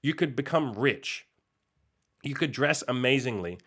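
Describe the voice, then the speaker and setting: A man's voice: mid-range voice, animated, unhurried, fairly bright tone, breathy edge. A young man hosting a casual podcast monologue, reacting with exasperated, incredulous, sweary outbursts. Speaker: podcast host reacting to a post.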